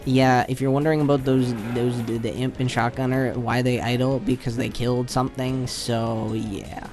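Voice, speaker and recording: A man's voice: mid-range voice, steady tone, normal speed, darkish tone, faint music behind. A man doing a casual, rambling voice-over commentary on his own gameplay, often retelling his reactions. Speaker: channel host.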